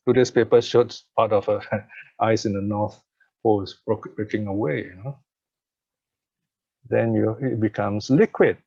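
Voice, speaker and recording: A man lecturing a meditation class in a conversational way, often asking "right?" and laughing softly as he explains. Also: medium pitch, no room sound, dull audio. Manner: conversational, checks in with "right?" and "okay?"; repeats words, chuckles while explaining. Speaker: meditation teacher.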